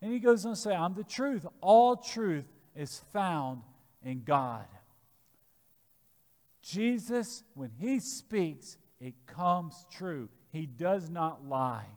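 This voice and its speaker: A man preaching a sermon, slow and emphatic, with sudden loud stresses. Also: sits high, expressive, big-room sound. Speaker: pastor.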